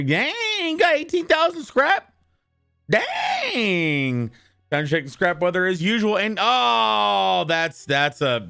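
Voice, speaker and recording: A young man hosts a live stream and chats to his viewers in an upbeat, rambling way, his voice slightly worn and hoarse. His pitch sits a bit high and swings widely as he talks. Faint music plays softly under his voice. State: losing his voice. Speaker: streamer greeting chat. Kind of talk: casual live-stream chat.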